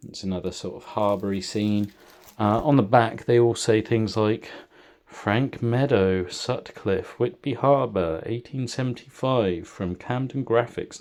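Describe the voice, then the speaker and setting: A man's voice: lowish voice, darkish tone. A young man in a casual show-and-tell vlog, chatting through his car boot finds with lots of ums and uhs. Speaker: car boot haul vlogger.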